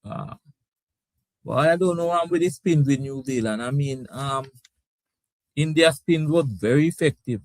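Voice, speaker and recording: A man's voice: medium pitch, unhurried, long pauses, no room sound. A man hosting a casual live sports talk stream. He laughs often and reads out viewer comments. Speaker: sports talk show host.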